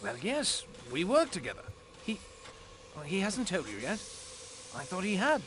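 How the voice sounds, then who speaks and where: An actor playing a nervous manservant in a video game, fretful and halting. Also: male voice, high voice, wildly swooping pitch, background noise. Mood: flustered.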